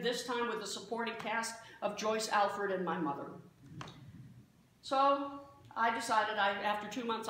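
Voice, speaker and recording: A woman's voice: on the high side, fairly bright tone. Self-mocking woman pastor in an echoey church. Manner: self-deprecating storytelling. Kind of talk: sermon. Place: church sanctuary. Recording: very echoey church hall, faint noise.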